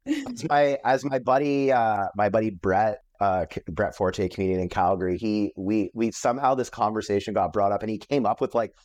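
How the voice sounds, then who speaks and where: A man's voice: lowish voice, moderate pace, a little mellow, dry recording, highs cut off. A Canadian man, a comedian guest on a podcast, telling stories in a rambling, profane, casual way, full of "like" and restarts. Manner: profane, rambling, heavy use of "like".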